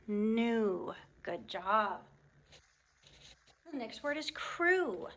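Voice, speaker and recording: A woman teaching a classroom phonics lesson in an unhurried, carefully enunciated way. Her voice sits a little high, and she leads the class through sounds with steady, encouraging prompts. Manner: slow, clearly enunciated, encouraging teacher talk.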